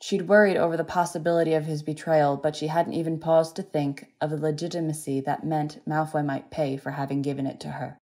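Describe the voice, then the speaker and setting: A woman narrating an audiobook with a notably low-pitched voice. Her reading is steady and even, paced for listening. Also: brisk, few pauses.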